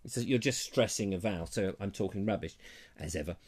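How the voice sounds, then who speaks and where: A man's voice: deep voice, a little fast, darkish tone. A man from England hosting a live online chat show, reading out viewer comments in a rambling, self-deprecating way.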